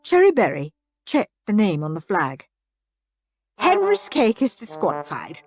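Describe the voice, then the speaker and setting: Lively, unhurried woman audiobook narrator. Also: mid-range voice, faint music behind. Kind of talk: expressive storybook narration.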